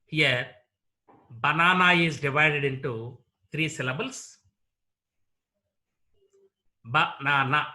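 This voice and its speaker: A man with an Indian English accent, teaching a lecture on word stress and repeating each example word slowly. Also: fairly high pitch, pushed and bright. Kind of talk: slow explanatory lecture.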